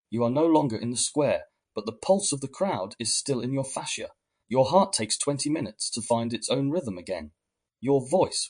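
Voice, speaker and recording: A man giving calm scripted guided narration, speaking to the listener in the second person. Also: medium pitch, husky.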